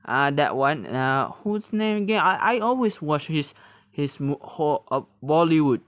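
A man hosting a reaction video, talking casually in halting English, often laughing and exclaiming. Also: fairly high pitch, lively intonation, fairly bright tone, no room sound.

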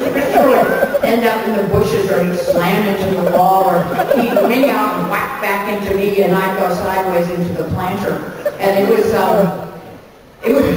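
A woman in her sixties from Canada, talking candidly and chattily, with frequent laughter running through her answers. She is picked up from far across a big hall, so her voice sounds distant and swims in heavy reverb, with a faint hiss underneath. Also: on the low side. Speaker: convention panel guest, actress. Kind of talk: candid Q&A on a convention stage. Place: large convention hall stage.

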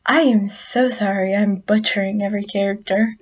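A woman's voice: medium pitch, fairly even intonation, moderate pace, few pauses, darkish tone. A woman vlogger chatting casually and making self-deprecating asides, recorded at night in a dim room on a dull lo-fi recording. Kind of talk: casual vlog.

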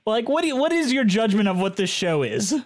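Sex: man. Role: podcast co-host. Style: casual chat. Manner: enthusiastic, probing, with a lively, swooping pitch. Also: a little fast. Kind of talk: casual chat about musicals.

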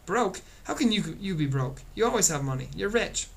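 A man's voice: high voice, sing-song, a little fast, creaky, full character voice. A man voicing a demanding young boy who whines and shrieks. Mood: whining. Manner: whining, shrieking.

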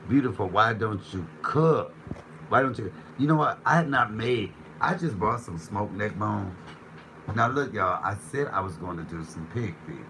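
A man's voice: on the low side, expressive, moderate pace, background noise. Joking man hosting a live cooking stream. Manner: playful, joking, chatty. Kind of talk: casual live-stream chat reading comments.

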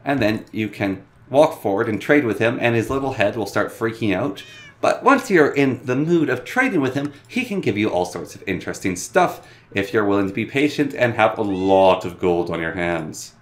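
A man's voice: very animated, moderate pace. Playful man with a bouncing voice. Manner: playful and joking, bouncing pitch. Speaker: game tutorial host. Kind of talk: casual game tutorial narration.

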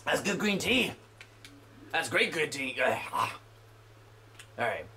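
A man's voice: fairly high pitch, very animated, takes it slowly, sharp tone, a little hiss or hum. A young man giving let's play commentary, swearing in exasperated outbursts. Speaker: gamer.

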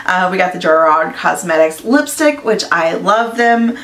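A woman beauty vlogger chatting casually through an unboxing, gushing and excitable, with lots of "like" and "you guys". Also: on the low side, unhurried, far from the mic. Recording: echoey room, voice a bit off-mic.

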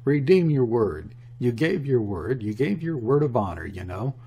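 A man's voice: mid-range voice, very animated, normal speed, warm tone, husky, highs cut off. A man voicing a polite young naval lieutenant who speaks formally and soothingly. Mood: urging.

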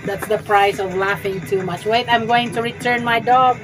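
A woman's voice: on the high side, fairly even intonation, moderate pace, over music, poor audio. A woman streaming a game from her room at home, chatting with viewers and laughing often. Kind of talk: live gameplay stream chat.

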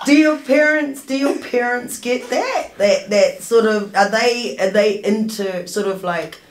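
Relaxed, curious podcast host. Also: mid-range voice, unhurried, echoey room. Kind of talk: casual interview chat.

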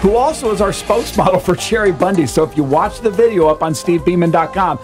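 A man's voice: high voice, lively intonation, quick pace, faint music behind. A man hosting a talk radio show, chatting casually with his co-host and laughing easily.

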